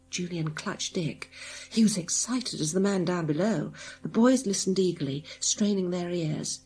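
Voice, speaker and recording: A woman's voice: on the low side, measured pace, a little mellow, breathy edge. Woman reading a children's audiobook. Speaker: audiobook narrator. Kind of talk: scripted audiobook narration.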